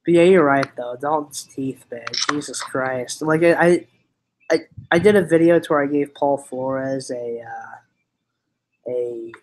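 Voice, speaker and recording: A man's voice: medium pitch, a little slow, background noise. A young man with a clogged nose, chatting casually on a stream and joking in a rambling way. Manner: rambling, joking, laughs at own stories. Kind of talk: casual chat.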